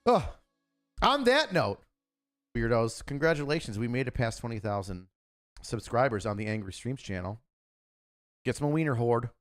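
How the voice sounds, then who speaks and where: A man hosting his own live stream, talking casually in a loud, crude, joking and rambling way. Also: mid-range voice, moderate pace, faint music behind. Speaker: channel host.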